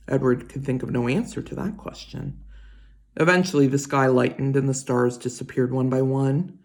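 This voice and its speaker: A woman reading a children's chapter book aloud in an expressive storytelling voice. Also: rumbling low, moderate pace, vocal fry. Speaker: reader.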